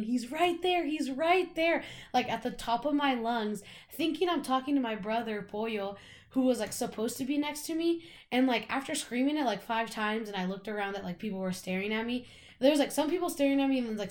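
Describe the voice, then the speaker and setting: A young woman, co-hosting a podcast, chatting casually and telling a rambling story full of "like" and swearing. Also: a little high. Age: young adult. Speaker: podcast co-host. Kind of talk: casual chat.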